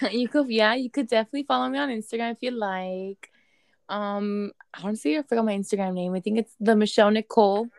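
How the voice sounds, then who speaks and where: A woman's voice: mid-range voice, fairly quick, gravelly, a little mellow, no room sound, studio quality. A young woman guest chatting playfully with a friend, dropping Spanish slang words. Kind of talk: casual chat.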